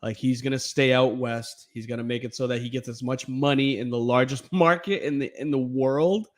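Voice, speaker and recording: A man in easygoing sports-podcast talk, lively and quick to laugh, sometimes slipping into playful mock voices. His voice sits at a middle pitch. He sounds like a regular co-host trading takes with a friend. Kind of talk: casual sports chat.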